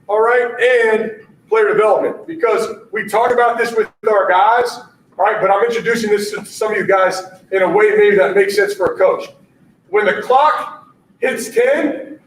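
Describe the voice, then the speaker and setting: Male basketball coach presenting at a conference, high voice, punchy catchphrase delivery, echoey distant room mic. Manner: energetic, punchy, repeats catchphrases, keeps asking "all right?".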